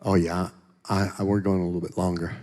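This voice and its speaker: An animated man giving his testimony from a church platform, joking and acting out voices as he goes. His fairly low voice carries a long reverb through the church sanctuary. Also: a little fast. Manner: animated, joking storyteller who acts out voices. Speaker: guest speaker giving a testimony.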